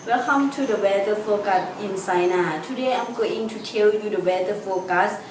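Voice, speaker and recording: A woman with a Lao accent hosts a student weather-report role-play in careful, halting learner English. She sounds distant from the mic in an echoey room, with noticeable noise underneath. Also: mid-range voice. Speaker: mock news anchor.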